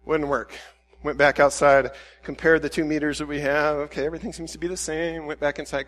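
A man preaching a sermon as a pastor, telling a self-deprecating everyday anecdote in an animated way, with frequent restarts. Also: fairly high pitch, a little fast, big-room sound. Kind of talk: storytelling sermon.

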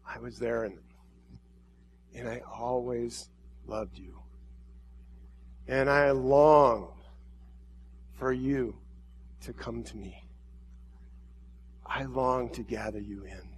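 A man's voice: medium pitch, slow pace, pauses often, a little hiss or hum, voice pushed down, lightly acted. Give me a preacher playing a tender, heartbroken god pleading with his people. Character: grieving loving male god addressing humanity.

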